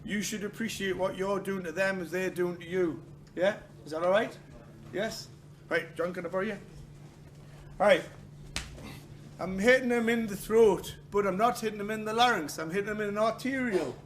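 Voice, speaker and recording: A man's voice: sits high, moderate pace. Joking man teaching a class. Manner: joking, swears, acts out quotes. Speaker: martial arts instructor. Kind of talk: class instruction with humor. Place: training hall. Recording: echoey hall with noise.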